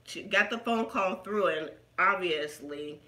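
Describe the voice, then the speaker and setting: A woman chats through a story in a casual vlog, emphatic and quick to laugh. Her voice is bright, and the room gives it a clear echo. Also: fairly low pitch. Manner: chatty and emphatic, laughing as she tells it. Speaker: channel host. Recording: echoey room.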